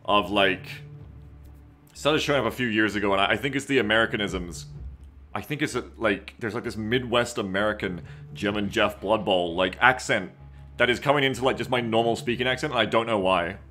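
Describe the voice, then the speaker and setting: A man chats his way through a live game stream, reading viewer comments aloud and second-guessing himself. His voice sits a little low but sounds bright and forward. Soft game music plays faintly behind him. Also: brisk. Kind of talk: casual live-stream commentary while gaming.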